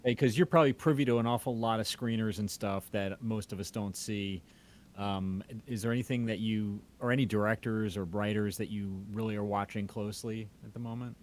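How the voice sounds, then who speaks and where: A man's voice: on the low side, steady tone, fairly quick. A man hosting a casual live chat, rambling with lots of fillers. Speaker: chat host. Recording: faint background noise.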